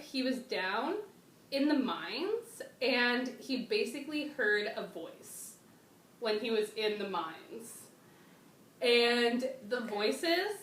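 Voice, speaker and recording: A woman hosting a casual chat with a guest, slangy and excitable, often trailing off and restarting. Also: fairly high pitch, distant mic. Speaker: channel host. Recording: echoey room, off-mic, faint noise.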